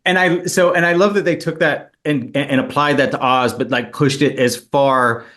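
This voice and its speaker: Man, interview host, chatty, casual questions, mid pitch. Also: fairly even intonation, moderate pace, a bit bright.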